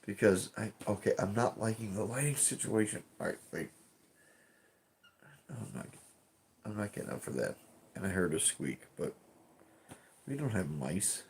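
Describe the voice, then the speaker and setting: Low-voiced rambling streamer man. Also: animated, normal speed, gravelly, pauses often, darkish tone, slight background noise. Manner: rambling, profane, restarts often. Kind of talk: casual live-stream chat.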